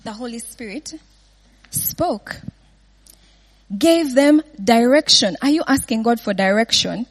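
A woman's voice: a little high, expressive, slow pace, pauses often. A woman giving an informal Bible teaching, often laughing and checking in with her listeners with "yeah?" and "right?".

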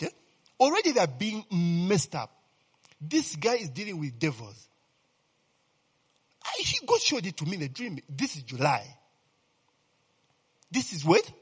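A man preaching with a lively, swinging delivery, his voice sitting a bit higher than most and carrying a husky edge. He keeps asking his listeners whether they follow. The sound rings out with a long hall reverb. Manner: animated, repeatedly asks "you understand, eh?". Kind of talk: sermon.

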